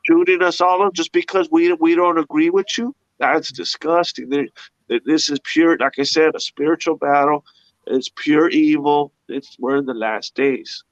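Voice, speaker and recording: A man's voice: on the high side, fairly even intonation, moderate pace, dry recording. Indignant rambling man, dull lo-fi sound. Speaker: panelist. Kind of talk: casual talk-show discussion.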